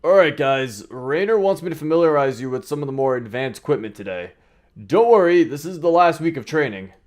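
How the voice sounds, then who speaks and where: A man's voice: on the high side, expressive, brisk, voice pushed up, lightly acted. A man reading as a blunt soldier instructor. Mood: brisk. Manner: brusque, matter-of-fact briefing. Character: brisk male soldier instructor, blunt and crude.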